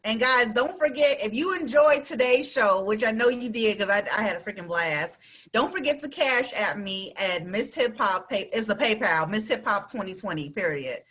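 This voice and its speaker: A woman with a bright, forceful voice hosts a relaxed online radio interview. She is chatty and playful, slips into slang and laughs easily while running a quick this-or-that game with her guest. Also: mid-range voice, husky. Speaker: radio show host. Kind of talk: casual interview chat. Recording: online live-stream interview.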